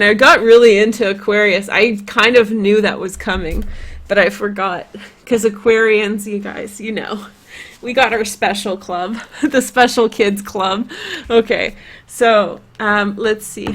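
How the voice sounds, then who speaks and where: A woman's voice: fairly high pitch, fairly bright tone. Woman, Polish accent, tarot reader; casual, rambling delivery. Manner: chatty, rambling, lots of "like" and "you know".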